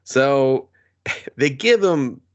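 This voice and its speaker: A man co-hosting a movie review podcast, joking, swearing and acting out scenes in quick character voices. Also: medium pitch, expressive, lo-fi sound. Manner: profane, jokey, acts out characters with laughs. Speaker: podcast co-host. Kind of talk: casual movie review chat.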